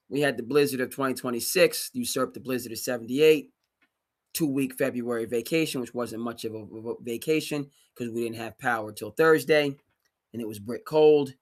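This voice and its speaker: A man hosting a solo sports talk livestream, ranting emphatically with sudden loud bursts. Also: mid-range voice. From New England. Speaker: sports commentary host.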